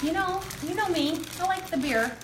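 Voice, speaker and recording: A woman's voice: very high-pitched, moderate pace, noisy background. A young woman hosting a live cooking demonstration in a home kitchen, upbeat and chatty with frequent ums. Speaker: cooking demo host. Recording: roomy kitchen echo, faint ambience.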